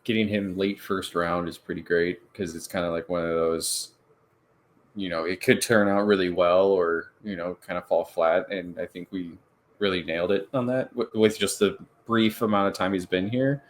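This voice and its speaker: A man co-hosts a sports podcast in a slightly low voice. He tells stories with energy, jumping up high when he acts out what others said, in loose, casual chat. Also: normal speed, a little hiss or hum. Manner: animated storytelling, acts out quotes in a high voice. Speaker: podcast co-host.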